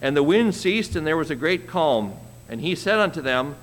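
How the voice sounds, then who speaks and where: A man preaching a sermon, reading scripture slowly and commenting on it with an easy chuckle. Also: on the high side, expressive, long reverb tail. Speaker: pastor.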